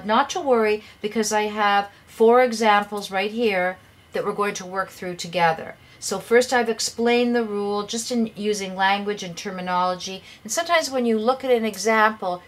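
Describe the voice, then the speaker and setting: A woman's voice: mid-range voice, moderate pace. A woman teaching an English grammar lesson, patiently explaining rules and reading example sentences aloud with emphasis.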